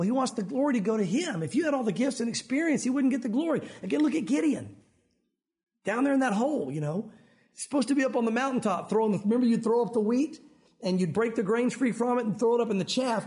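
A man preaching a sermon and teaching from the Bible, animated, acting out the voices in his stories. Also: high voice. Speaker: pastor.

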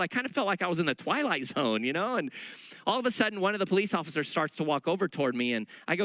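A middle-aged male preacher telling stories in a sermon, animated and acting out the dialogue. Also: a little high, fast, dry recording, poor audio. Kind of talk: sermon storytelling.

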